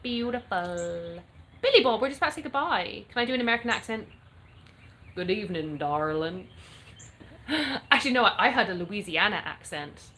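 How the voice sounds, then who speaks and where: A woman's voice: fairly high pitch, expressive, very fast, hardly any pauses, bright, forceful tone, a little hiss or hum. An English woman hosting a casual livestream, chatting upbeat and greeting viewers by name. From England. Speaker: livestream host. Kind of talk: casual live-stream chat reading comments. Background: birdsong.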